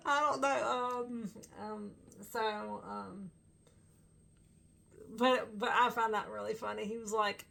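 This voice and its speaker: A woman talks straight to her viewers in a loose, rambling fan chat. Her voice sits a touch high and sounds bright and forward, with a gravelly fry underneath. She pads her thoughts with fillers and laughs easily. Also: steady tone, normal speed. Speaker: fan vlogger. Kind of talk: casual chat to camera.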